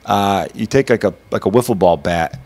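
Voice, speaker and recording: A man in his thirties hosting a casual podcast chat, telling animated, profane stories. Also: on the low side. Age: 30s. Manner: fast, profane, animated storytelling. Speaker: podcast host.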